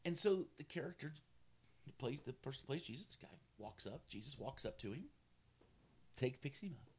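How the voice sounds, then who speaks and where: A man preaching a sermon as a pastor, telling a story with animated energy and laughter. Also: mid-range voice, moderate pace, breathy edge.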